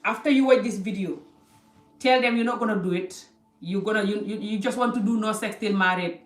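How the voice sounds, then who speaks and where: A woman's voice: mid-range voice, fairly quick, soft background music. A woman vlogger lecturing the viewer directly, emphatic and scolding. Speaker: vlogger giving advice. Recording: roomy, distant from mic.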